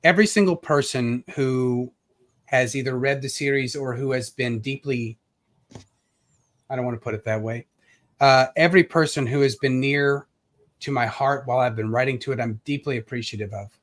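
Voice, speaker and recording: Earnest author speaking from the heart. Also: male voice, mid-range voice. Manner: earnest and reflective, with pauses and fillers. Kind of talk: heartfelt speech at a live launch event.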